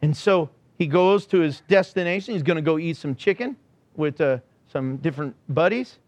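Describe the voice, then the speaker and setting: High-voiced animated male pastor. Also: moderate pace, no room sound. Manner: animated, acts out quotes, joking. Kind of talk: sermon. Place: church.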